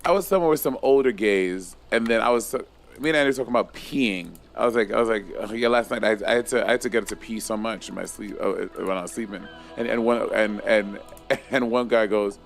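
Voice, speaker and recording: A man's voice: fairly low pitch, a little fast, gravelly, soft background music. A man in his thirties co-hosting a casual chat, telling stories and swearing freely. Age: 30s. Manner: chatty storyteller, swears freely. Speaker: co-host.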